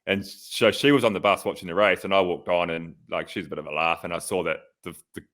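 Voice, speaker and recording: A man with a deep voice tells a rambling story on a podcast. He swears freely and jumps into high voices when he mimics people. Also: steady tone, fast talker, a bit bright. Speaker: podcast co-host, pro cyclist. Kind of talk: casual chat, anecdotes.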